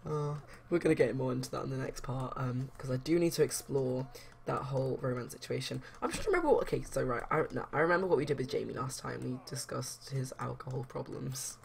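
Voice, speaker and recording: A woman's voice: rumbling low, animated, fast talker, creaky, a little mellow, a little hiss or hum. A young woman chatting casually as a let's play host, rambling with lots of fillers. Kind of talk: casual game commentary.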